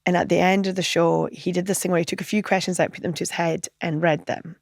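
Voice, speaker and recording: A woman comedian telling animated anecdotes in a podcast interview, acting out other people's lines and laughing often. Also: on the low side, quick pace, gravelly, no echo, studio quality. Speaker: comedian guest.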